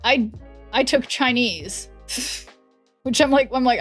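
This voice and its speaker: A young woman with a higher voice chats casually on a live stream, rambling between fillers and restarts. Faint music plays underneath her talk. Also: animated, unhurried. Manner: chatty and rambling, many fillers and self-corrections. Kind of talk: casual chat while gaming, reading chat aloud.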